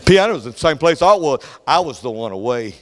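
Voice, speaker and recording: An older man preaching a sermon as pastor, swinging from loud, fervent delivery to soft whispers. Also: medium pitch, big pitch swings, fast, big-room sound.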